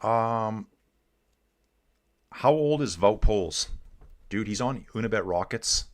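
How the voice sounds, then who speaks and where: Slow and animated, with a lowish voice, a middle-aged man from Canada gives relaxed live commentary on a cycling race. The streamer chats along with his audience, calling them "dude" and "guys."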